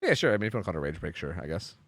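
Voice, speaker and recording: A man's voice: deep voice, very animated, very fast, no echo, clean studio sound. A young man streaming and chatting casually, rambling with lots of fillers and casual swearing. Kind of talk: casual chat on a game stream.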